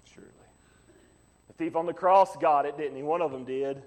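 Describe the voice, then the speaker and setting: A man preaching as a pastor, impassioned, breaking into shouts to drive points home. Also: on the high side, moderate pace, in a large hall. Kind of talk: sermon.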